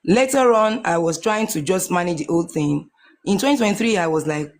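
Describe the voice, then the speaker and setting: A woman's voice: fairly low pitch, animated, brisk, a little hiss or hum. Earnest Nigerian woman telling her story. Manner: earnest, repeats phrases, restarts often. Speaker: guest sharing a testimony. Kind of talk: emotional personal testimony.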